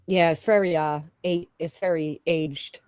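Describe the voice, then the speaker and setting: A woman's voice: lowish voice, steady tone, a little slow, a little mellow, dry recording, clean studio sound. A woman co-hosting a casual gossip livestream, blunt and profane, reading viewer comments aloud. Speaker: livestream co-host.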